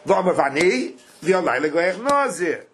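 A man with a fairly high voice gives a Talmud class. He chants the text and then breaks it down in casual, emphatic English, pushing his points with rhetorical questions. A faint hiss sits under the voice. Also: big pitch swings, measured pace. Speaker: Talmud teacher.

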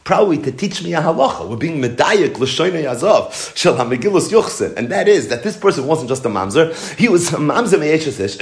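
A man's voice: medium pitch, sing-song, a little fast. A man teaching a Talmud lesson in a lilt, explaining step by step and posing rhetorical questions. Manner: explanatory, rhetorical questions, mixes Hebrew and Yiddish terms. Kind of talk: Talmud study lecture.

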